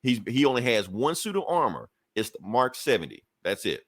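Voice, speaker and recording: A man's voice: mid-range voice, very animated, a little fast, no room sound. A man co-hosting a podcast, casually recapping a comic book in a loose, profane storytelling way with lots of filler asides. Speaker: podcast co-host reviewing comics.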